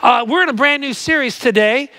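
A man preaching a sermon to a live church crowd, lively and stammering through restarts, then quiet and earnest when he prays. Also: very high-pitched, a little fast, a little hiss or hum, low-quality recording. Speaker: pastor. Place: church auditorium with live audience.

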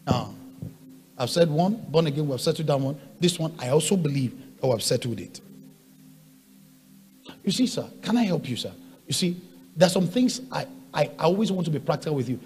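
Pastor, male, fairly high voice with a lively, wide-ranging delivery, emphatic and repetitive, soft music underneath. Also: brisk, long pauses. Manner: emphatic preaching, swinging from quiet asides to loud shouts; repeats phrases and rhetorical questions. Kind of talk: sermon.

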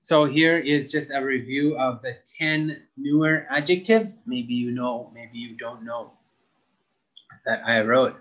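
In a mid-range, fairly bright voice, a young adult man teaches English grammar and models key words for his students by stretching them out slowly. The audio sounds dull.

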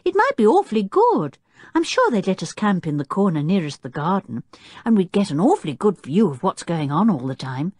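A woman voicing a bold, adventurous girl who speaks eagerly and with excitement in an audiobook. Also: medium pitch, brisk, no echo, studio quality, pitched above the performer's own voice. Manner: eager, thrilled.

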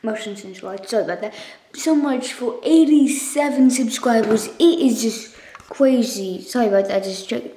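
Her voice is a little high with a dark tone, and she speaks at a moderate pace in an echoey room. The channel owner is filming a casual thank-you vlog on a phone, rambling to viewers, correcting herself, coughing and clearing her throat along the way.

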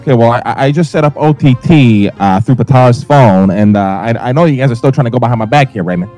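A man's voice: medium pitch, fast, warm tone, soft background music. A man in a crime-city roleplay, talking aggressively and hurling insults during a heated call. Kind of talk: confrontational in-character phone talk.

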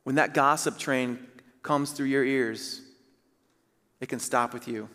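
A male pastor preaching a sermon, slow and emphatic, stressing key phrases. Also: medium pitch, steady tone, a bit bright, in a large hall. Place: church sanctuary.

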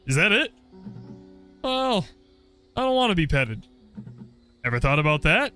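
Man voicing a cranky game dog, curt and dismissive, high lively voice. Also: a little slow, soft background music, exaggerated voice. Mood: grumpy. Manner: snappy, dismissive. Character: grumpy sleepy male dog, rude.

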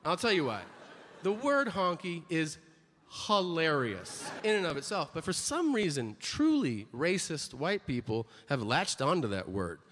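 Male stand-up comic, animated delivery, pitch jumping around, live hall echo. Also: unhurried, a little hiss or hum. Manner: animated storytelling, acts out characters. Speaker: stand-up comedian. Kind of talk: stand-up routine.

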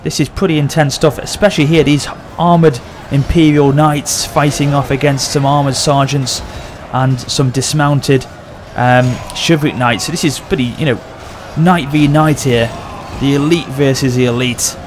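A man hosting a gaming channel, excitedly commentating a battle over gameplay and often addressing his audience. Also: medium pitch, normal speed, few pauses, noisy background.

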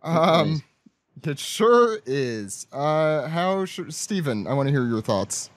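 A man hosting a podcast, casual and self-deprecating as he hands the floor around. His voice is higher and lively, recorded dry and close. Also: slow pace, dry recording. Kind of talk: casual chat.

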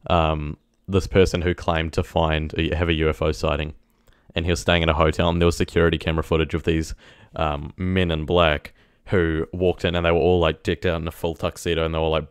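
Young kiwi guy, deep gravelly voice, rambly reaction chat, dry close sound. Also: little pitch movement, moderate pace, dry recording. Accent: New Zealand. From New Zealand. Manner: rambling, filler-heavy, laughs often. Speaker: YouTube reactor. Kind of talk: casual reaction commentary.

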